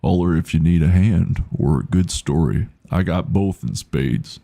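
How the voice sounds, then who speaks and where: A man voicing a shady old male tackle-shop keeper in a video game, with a slow drawl. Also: deep voice, creaky, dark tone, heavily acted. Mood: folksy.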